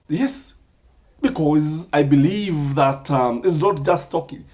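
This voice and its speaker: A man's voice: fairly high pitch, slow, a little mellow. A Kenyan man giving impassioned commentary, firing rhetorical questions and Swahili sayings.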